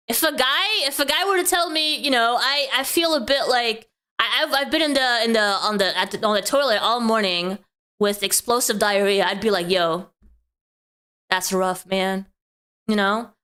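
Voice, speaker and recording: Woman host, bright and sharp tone, teasing sarcastic reaction chatter. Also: fairly high pitch, normal speed, clean tone. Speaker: streamer host. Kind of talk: reaction commentary.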